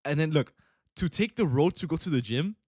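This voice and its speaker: A man's voice: on the high side, lively intonation, fairly quick, darkish tone, dry recording, clean studio sound. A young man hosting a livestream, telling a rambling casual story and saying bro a lot. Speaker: livestream host, day trader.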